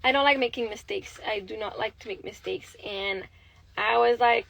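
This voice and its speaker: There's vocal fry in this young Québécois mother's fairly high, slightly bright voice, and she talks at a normal speed. Chatting on a phone livestream with a Québécois French accent, she rambles candidly and swears freely, recorded in low quality with no room sound.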